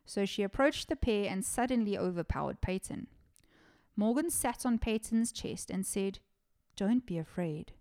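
A woman's voice: mid-range voice, lively intonation, normal speed, darkish tone. A woman, hosting a podcast and telling a true-crime story in a casual, chatty way, swearing often and laughing at her own sarcastic asides. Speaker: podcast host.

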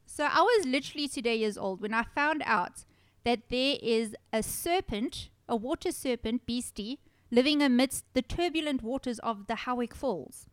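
South african woman host, giggly chatty storyteller, smooth voice, dry close sound. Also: sits high, lively intonation, moderate pace, fairly bright tone, dry recording. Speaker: podcast host. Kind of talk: casual chat.

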